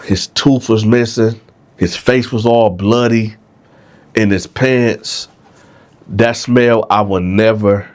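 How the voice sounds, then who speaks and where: A man telling a story in a casual storytime, animated, often checking in with his listeners with "right?". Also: fairly low pitch, slow. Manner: animated, keeps asking "right?". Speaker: storyteller host.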